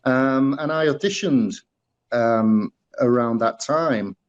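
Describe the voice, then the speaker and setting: A man's voice: medium pitch, slow pace, highs cut off. Rambling man with a Teesside accent. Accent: Northeast English (Teesside). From England, northeast (Middlesbrough). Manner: rambling, many fillers and restarts. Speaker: guest, former musical performer. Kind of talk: casual interview storytelling.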